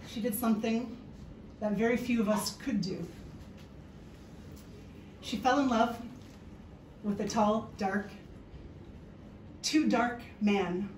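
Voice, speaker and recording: A woman's voice: mid-range voice, a little mellow, a little hiss or hum. A woman giving a humorous stage talk, telling a playful story and joking with the audience. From Canada. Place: stage before a live audience. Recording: echoey hall, voice from far off.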